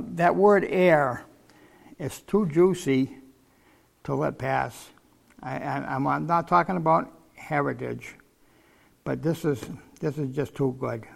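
A man's voice: fairly high pitch, gravelly. An older man preaching a sermon, teaching from the Bible in a folksy, conversational way.

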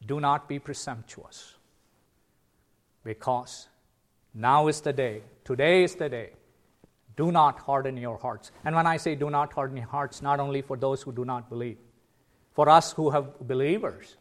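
A man preaching a sermon, earnest, with sudden loud emphatic calls. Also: medium pitch, normal speed.

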